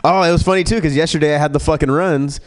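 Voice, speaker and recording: A man doing a stand-up comedy set, rambling and profane, full of fillers and restarts, who jumps to a higher pitch when he acts out other people. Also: fairly even intonation, fast talker. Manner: acts out characters in a raised pitch.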